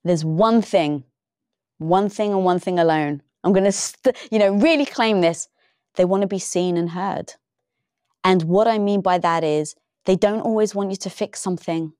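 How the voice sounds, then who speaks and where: Animated woman guest telling stories. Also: medium pitch, moderate pace, dry recording, studio quality. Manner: animated storytelling, acts out quoted dialogue. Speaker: podcast guest. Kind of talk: casual interview talk.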